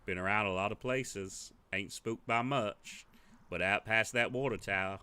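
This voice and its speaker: A man voicing a weathered old drifter who talks in slow, clipped rural phrases. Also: on the low side, pushed and bright, smooth. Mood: ominous.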